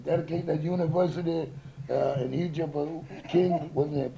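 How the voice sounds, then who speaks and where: A man's voice: on the high side, fairly even intonation, moderate pace, dark tone, lo-fi sound, slight background noise. A man, a touring musician, chatting casually and telling rambling, profane stories with lots of laughter. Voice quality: gravelly. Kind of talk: casual chat.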